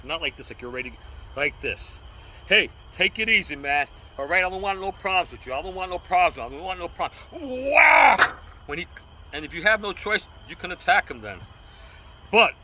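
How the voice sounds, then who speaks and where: A New York man in his sixties records a casual outdoor vlog about self-defense with a cane, sounding earnest, repetitive and pleading. His voice is high-pitched, pushed and bright, and the low-quality recording has slight background noise.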